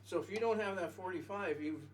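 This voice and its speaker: A man's voice: high voice, a little fast, slight background noise. A man telling a long, rambling story on stage between songs, stopping himself and laughing at his own jokes. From Canada. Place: small music venue with audience. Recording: live music venue, mic from a distance.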